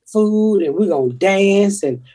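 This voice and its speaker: A comedian podcast host speaks at medium pitch in a warm, slightly rough, animated but unhurried voice. Her casual podcast chat is blunt, profane, and rambling.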